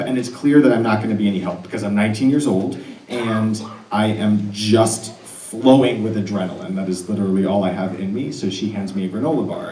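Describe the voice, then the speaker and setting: A man telling a true personal story live on stage, earnest and animated with laughing asides. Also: fairly low pitch, a little hiss or hum. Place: stage in an arts center hall. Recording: roomy hall audio picked up from a distance.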